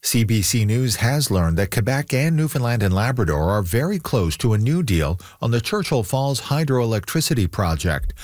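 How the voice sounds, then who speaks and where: Male newscaster, mid pitch, animated delivery, close dry mic. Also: moderate pace, hardly any pauses, no echo. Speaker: news anchor. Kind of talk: newscast reading.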